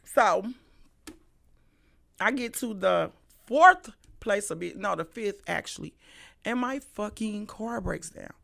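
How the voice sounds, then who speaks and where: Middle-aged St. woman hosting a stream, sharp-toned, profane, animated storytelling. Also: medium pitch, slow pace, gravelly, pauses often. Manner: animated, profane, swings between loud and hushed. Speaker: livestream host. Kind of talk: casual storytelling monologue.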